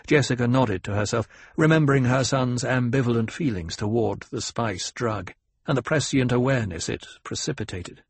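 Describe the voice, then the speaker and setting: A man giving a measured, even scripted audiobook narration on a close mic. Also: mid-range voice, gravelly, slightly rough, dry recording.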